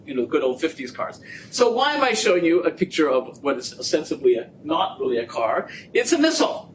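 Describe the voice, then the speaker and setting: A middle-aged man with a high voice gives a lively public lecture, telling jokes and acting out little scenes. He is picked up from a distance, and a faint low rumble runs under his voice. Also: a little fast. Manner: animated, joking storyteller. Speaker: guest lecturer. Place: lecture room.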